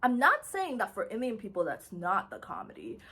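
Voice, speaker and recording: Chatty young woman with a lively voice. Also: mid-range voice, a little fast, slightly rough. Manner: chatty, playful, lots of filler words. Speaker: vlogger. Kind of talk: casual commentary to camera.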